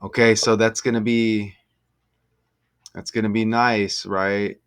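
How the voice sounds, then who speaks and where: A man musing slowly over basketball schedules and number matches, breaking into excited exclamations. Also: on the low side, clear, resonant tone. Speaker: gematria sports commentator. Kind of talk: casual solo commentary over on-screen schedule. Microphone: desk mic.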